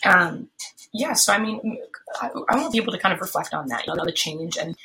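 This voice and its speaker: Low, gravelly woman rambling tiredly. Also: lively intonation, brisk, pushed and bright, low-quality recording. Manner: rambling, filler-heavy, frequent restarts; tired, yawning. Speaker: podcast host. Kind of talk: casual solo podcast chat. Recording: faint background noise, pen clicks.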